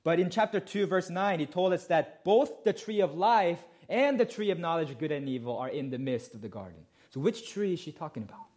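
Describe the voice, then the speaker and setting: A man's voice: fairly high pitch, lively intonation, a little fast, hardly any pauses, a little mellow. A male pastor preaching a sermon, explaining a passage emphatically and asking rhetorical questions.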